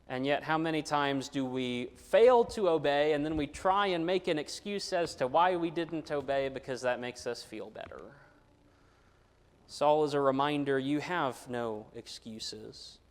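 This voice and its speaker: Earnest preacher in a reverberant church. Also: male voice, fairly high pitch. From United States. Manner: earnest, voices Bible figures in quoted asides. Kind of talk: sermon. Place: church sanctuary. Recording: long hall reverb.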